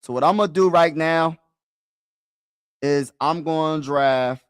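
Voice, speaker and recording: A man's voice: fairly high pitch, slow, clear, resonant tone, dry recording, studio quality. Chatty man live-streaming to his chat. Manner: talks to chat, repeats himself, casual slang. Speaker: sports streamer.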